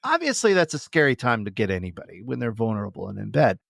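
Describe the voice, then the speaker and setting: Animated man bantering on a podcast. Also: lowish voice, quick pace, vocal fry, no room sound, studio quality. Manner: animated, acts out scenes in quoted voices. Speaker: podcast co-host.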